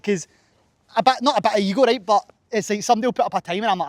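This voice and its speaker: Young male coach, winded, casual and profane, quick high voice. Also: steady tone, no room sound. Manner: sweary, chatty, says man and mate a lot. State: out of breath after running. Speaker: fitness coach. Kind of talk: casual vlog chat. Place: outdoor running track, cold.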